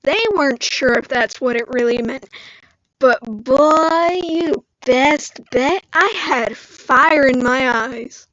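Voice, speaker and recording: A woman vlogger telling a story on a live stream in an animated way, acting out the lines people said. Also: sits high, slow pace, no echo, lo-fi sound. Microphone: screen-recorded live stream mic.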